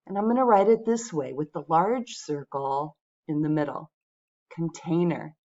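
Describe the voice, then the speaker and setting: A woman teaching English pronunciation, speaking patiently and clearly to her viewers. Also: medium pitch, a little mellow, lo-fi sound. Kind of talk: pronunciation lesson.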